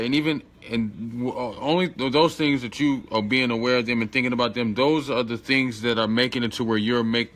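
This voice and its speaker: A man's voice: a little high, fairly bright tone. Guy teaching spiritual stuff, slangy, pushy, keeps repeating himself for emphasis. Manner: talks straight to the listener, coaching tone.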